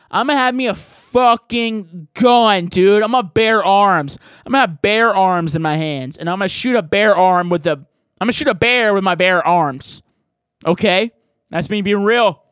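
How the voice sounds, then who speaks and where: A man with a voice pitched a bit high runs his podcast in a loose, rambling, cussing ramble. The sound is bone-dry and close to the mic. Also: clean tone, dry recording. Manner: rambling, profane, jokey and loud. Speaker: podcast host answering voicemails. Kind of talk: casual podcast chat.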